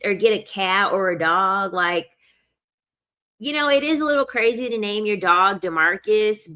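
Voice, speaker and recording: A woman speaks in a mid-range, slightly bright voice, giving her viewers a blunt, opinionated rant. She is casual and profane, and she keeps apologizing with "I'm sorry."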